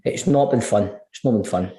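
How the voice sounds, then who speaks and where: A man's voice: fairly low pitch, moderate pace, dark tone. A Scottish man co-hosting a football podcast, chatting casually with blunt, sweary banter. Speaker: podcast co-host. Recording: echoey room.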